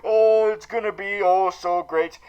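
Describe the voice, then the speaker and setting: A man's voice: high voice, steady tone, unhurried, a little mellow, clean tone, lo-fi sound. A man hosting a comic recap vlog, rambling and profane with many fillers and restarts. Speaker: comedy vlogger in villain persona.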